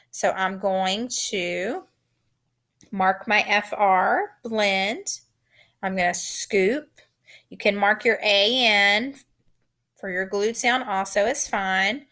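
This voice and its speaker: A woman teacher leads young children through a phonics lesson in a slow, unhurried voice. She sounds out each letter clearly and patiently, at a middling pitch. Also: fairly bright tone.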